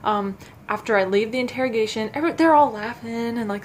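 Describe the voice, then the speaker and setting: A young adult woman vlogging to camera, telling a personal story in a halting, self-conscious way with frequent restarts. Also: on the high side, a little hiss or hum.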